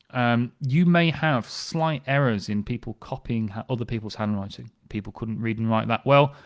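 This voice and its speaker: A man's voice: medium pitch, creaky. A man working as a family history specialist, explaining census records in a conversational, enthusiastic way. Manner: conversational, with fillers and restarts, enthusiastic. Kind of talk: explanatory talk on genealogy records.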